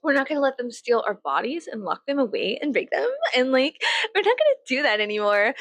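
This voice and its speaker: A woman in her thirties from the United States, vlogging at home while she gets ready, rambling and swearing, mocking herself and breaking into loud laughs. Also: high voice, big pitch swings, brisk, no echo. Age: 30s. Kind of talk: casual get-ready-with-me chat.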